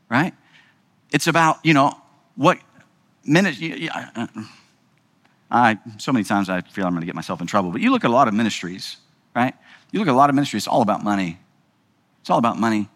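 Conversational preacher in a reverberant hall. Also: male voice, mid-range voice, a bit bright. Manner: conversational, asks rhetorical questions with frequent "right?". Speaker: pastor. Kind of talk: sermon.

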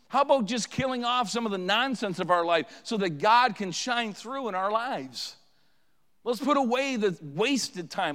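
High-voiced preacher in a reverberant hall. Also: male voice, a bit bright. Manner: preaching with rising and falling intensity. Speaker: pastor. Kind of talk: sermon. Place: church sanctuary. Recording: long reverb of a church hall.

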